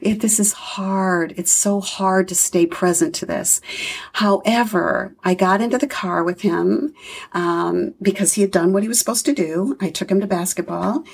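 A woman's voice: mid-range voice, moderate pace, vocal fry, breathy edge. A middle-aged woman, a foster parent, speaking earnestly in an interview with many fillers. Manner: earnest, reflective, with frequent fillers. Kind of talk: conversational interview storytelling.

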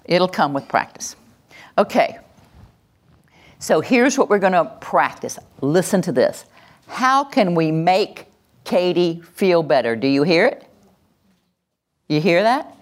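Workshop presenter: a woman with a low voice who acts out phrases and leads call-and-response. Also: lively intonation, measured pace, pauses often. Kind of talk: live workshop talk to an audience.

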